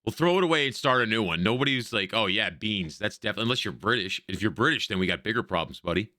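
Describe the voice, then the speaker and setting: A man's voice: on the low side, animated, racing, bright, forceful tone, no echo, studio quality. A male streamer giving profane, slangy, sarcastic commentary as he plays a role-playing game. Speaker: gaming streamer. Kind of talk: let's play commentary.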